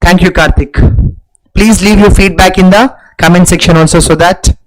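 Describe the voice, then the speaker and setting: A man's voice: sits high, steady tone, normal speed, slight background noise, low-quality recording. A man with an Indian English accent teaching an online exam-prep English lesson, repeating key phrases and explaining each answer with emphasis.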